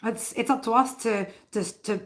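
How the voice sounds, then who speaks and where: A woman's voice: on the high side, fairly even intonation, moderate pace. Blunt, foul-mouthed woman chatting live. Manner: blunt and heavily profane, keeps asking "right?". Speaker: tarot reader hosting a live stream. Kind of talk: casual live-stream chat.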